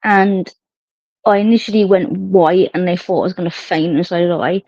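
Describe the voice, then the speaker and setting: A woman's voice: lowish voice, normal speed, a little mellow, dry recording. Woman, casual chatter, curses a lot; dry, muffled phone-stream sound. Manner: chatty storyteller, swears freely. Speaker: live stream host. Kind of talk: casual chat. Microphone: phone on a live stream.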